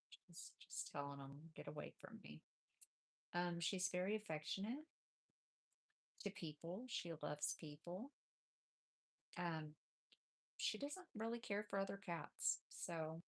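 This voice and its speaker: A middle-aged woman chatting casually on a craft live stream, rambling and relaxed with frequent fillers. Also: on the low side.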